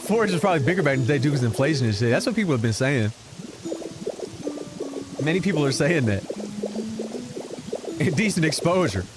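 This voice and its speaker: Male game streamer, lively swooping delivery, slightly high voice, game music underneath. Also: fairly quick, pauses often. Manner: animated, exaggerated storytelling with repetition for effect. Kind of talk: casual storytelling while gaming.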